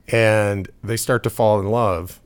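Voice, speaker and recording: A man co-hosting a casual podcast chat, rambling through jokes and opinions and laughing often. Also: fairly low pitch. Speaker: podcast co-host.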